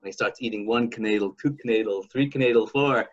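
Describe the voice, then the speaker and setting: A man hosting a podcast, chatting casually and telling a folk story in an animated, halting way. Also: lowish voice, highs cut off. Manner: animated, halting, with many restarts. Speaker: podcast host.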